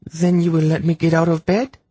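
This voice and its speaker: A man's voice: fairly high pitch, flat delivery, a little fast, warm tone, no echo, pitched above the performer's own voice, close to an everyday voice. A man voicing a petulant, sarcastic young woman confined to her sickbed in an audiobook. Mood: sulky. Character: sulky, sharp-tongued young woman stuck in a sickbed. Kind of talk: audiobook character voice.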